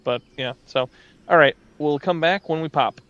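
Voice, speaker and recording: A man's voice: on the high side, normal speed, fairly bright tone, smooth, no echo, dull audio. A man giving casual, rambling commentary while playing an online game, full of fillers and asides. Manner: rambling, chatty, many fillers. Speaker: gaming video host.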